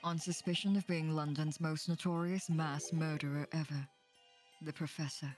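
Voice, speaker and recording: A grave aristocratic prosecutor recounts his past, voiced by a woman in her own low tone. The delivery is measured and solemn, never rushed. Faint game music plays softly behind. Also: steady tone, lightly acted.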